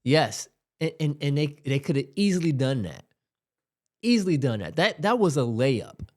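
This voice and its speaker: A man's voice: a little high, very animated, normal speed. A man hosting casual reaction commentary, rambling and exasperated, with many fillers. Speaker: host.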